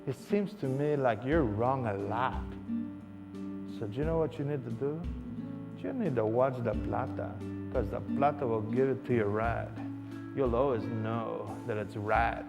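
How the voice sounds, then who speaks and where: A man's voice: mid-range voice, unhurried, vocal fry, loud music behind the voice. A man hosting a comic trivia segment to camera, teasing and emphatic. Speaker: show host.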